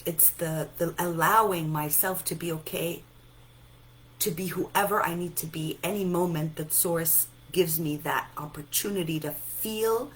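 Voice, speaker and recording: A sleepy woman giving a gentle self-help talk, softly repeating reassuring affirmations. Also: low voice, a little hiss or hum, low-quality recording. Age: adult, a mother. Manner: soft, repetitive, reassuring affirmations. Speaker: self-help and EFT speaker.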